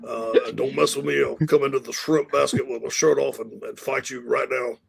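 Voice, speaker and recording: A man's voice: mid-range voice, steady tone, fairly quick, gravelly, breathy edge. A man doing a brash swaggering football coach. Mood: boastful. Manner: boastful, brash. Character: rowdy swaggering male football coach impression.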